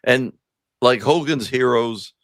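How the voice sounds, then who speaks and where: A man's voice: mid-range voice, slow, no echo, clean studio sound. A man hosting a podcast, chatting in a rambling, profane, nostalgic way. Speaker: podcast host. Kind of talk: casual chat.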